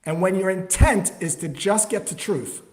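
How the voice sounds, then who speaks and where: A man with a fairly high voice talks through prospecting calls in a relaxed, conversational podcast style. He acts out both the caller and the prospect with lively energy. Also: normal speed. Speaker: sales trainer, guest. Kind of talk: conversational explaining with acted call examples.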